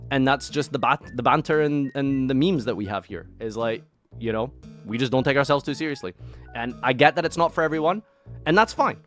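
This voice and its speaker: A man's voice: mid-range voice, expressive, fairly quick, a bit bright, faint music behind. A man with a Scottish accent reacting to criticism of himself in casual commentary, sarcastic and exasperated, swinging into mock outrage. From Scotland.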